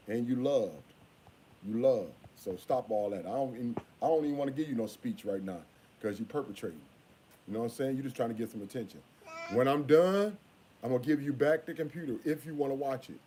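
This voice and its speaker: Scolding, repetitive dad talking casually. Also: male voice, mid-range voice, brisk, dark tone, slight background noise. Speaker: father. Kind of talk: casual vlog talk.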